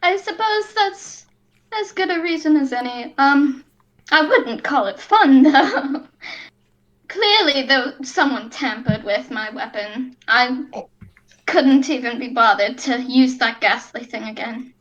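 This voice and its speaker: A pompous male cat king with a lofty, drawn-out delivery, as a woman puts him on. He swoops through a lively, high melody as he takes offence at everything, theatrical and vain. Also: muffled recording, full character voice. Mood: haughty. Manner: dramatic, affronted, drawling.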